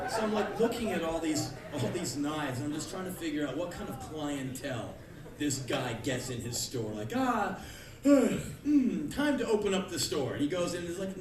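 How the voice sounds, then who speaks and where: A man in his thirties tells stories live from a concert club stage, his voice sitting high. He is animated, and he breaks into loud acted-out quotes. The recording is echoey and distant, with clear room noise behind him. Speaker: spoken word performer. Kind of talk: live spoken word storytelling. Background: audience laughter and room noise.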